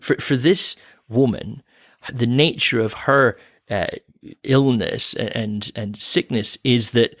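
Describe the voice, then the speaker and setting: A man's voice: medium pitch, slow, a bit bright, dry recording, studio quality. A man co-hosting a Bible podcast, explaining ideas patiently with light chuckles. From Canada. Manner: explanatory, laughs lightly, frequent restarts. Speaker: podcast co-host.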